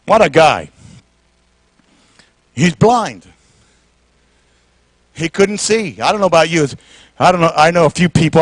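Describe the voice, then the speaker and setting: High-voiced fiery male preacher. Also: no echo. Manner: fiery call-and-response preaching, swings from soft to shouting. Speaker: pastor. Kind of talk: sermon. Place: church.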